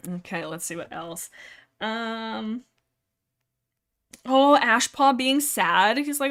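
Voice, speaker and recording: A young woman hosting a casual livestream, chatting in a rambling, animated way and reading book passages aloud. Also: a little high, slow pace, long pauses. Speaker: livestream host.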